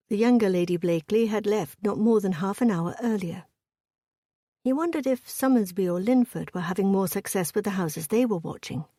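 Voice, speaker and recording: Female romance-audiobook narrator, measured and steady, warm breathy voice. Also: mid-range voice, dry recording, clean studio sound.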